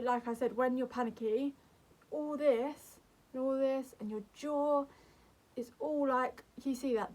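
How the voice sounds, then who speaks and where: A young woman vlogger giving calm, earnest advice to camera in a gentle, soothing way. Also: on the high side. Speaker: mental health vlogger.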